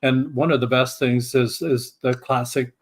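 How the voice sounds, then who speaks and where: A man being interviewed as a podcast guest, answering in a calm, explanatory way. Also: medium pitch, measured pace, husky.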